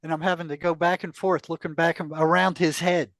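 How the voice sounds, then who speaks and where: High-voiced older man telling a story. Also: fairly quick, no room sound. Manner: animated storyteller, acts out quoted exchanges, laughs often. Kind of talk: casual storytelling interview.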